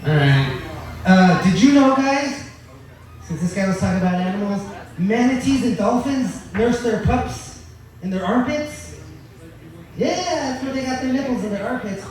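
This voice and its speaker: At an open mic, a man with an extremely high voice delivers a crude, profane stand-up set at a moderate pace, boasting in a deadpan way. The echoey venue is captured from far away, so the recording sounds very roomy.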